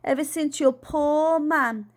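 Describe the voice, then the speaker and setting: A woman's voice: sits high, slow, pitched above the performer's own voice. Woman putting on a bossy aunt. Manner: scolding, dramatic exclamations. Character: bossy, blunt middle-aged aunt.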